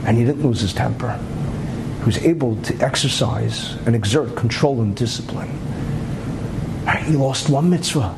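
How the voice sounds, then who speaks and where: A male rabbi giving a Torah lecture as an animated storyteller, with asides and rhetorical questions. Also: medium pitch, normal speed, gravelly, noisy background.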